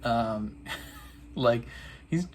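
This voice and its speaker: A man's voice: mid-range voice, drawn-out words. A man casually recapping a TV episode, laughing often and talking in a loose, slangy way. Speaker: reaction video host.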